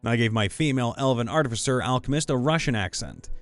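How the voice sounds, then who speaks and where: A man narrating viewer stories in a scripted voice-over, reading lively and sometimes slipping into put-on voices. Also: medium pitch, fast talker. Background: faint background music.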